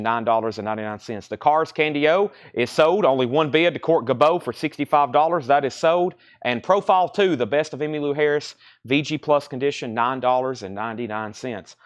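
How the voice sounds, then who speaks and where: A man hosting a live record sale stream, briskly listing titles, conditions and prices and repeating them for viewers. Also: mid-range voice. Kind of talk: live sales stream chat.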